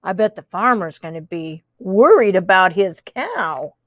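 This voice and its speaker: A woman reads a children's picture book aloud in a high voice that leaps all over the place. She takes her time, stopping for chatty asides and playful sound effects, in a dry, close sound. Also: very animated, measured pace, no room sound. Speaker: storybook reader.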